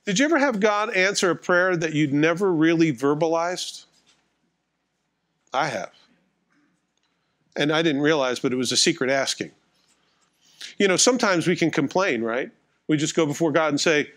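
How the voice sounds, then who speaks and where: A man's voice: a little high, lively intonation, moderate pace, pauses often, fairly bright tone. A middle-aged male pastor delivering a sermon in a conversational, wry, self-mocking way, acting out little dialogues.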